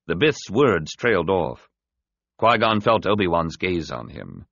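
A man narrating a science fiction novel in an expressive, dramatic reading. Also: low-pitched, a little slow, creaky, no room sound. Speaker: audiobook narrator. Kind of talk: scripted narration. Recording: slightly dull, dry studio recording.

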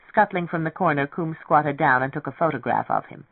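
A narrator giving a measured, steady reading of a novel. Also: mid-range voice, vocal fry, no room sound. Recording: tinny, dry radio broadcast.

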